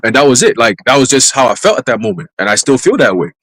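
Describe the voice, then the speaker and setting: Fast-talking man with a dry, close sound. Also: medium pitch, sing-song, a bit bright, no room sound, poor audio. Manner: brisk storytelling full of street slang and profanity. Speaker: church minister. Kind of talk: casual testimony in a live church stream.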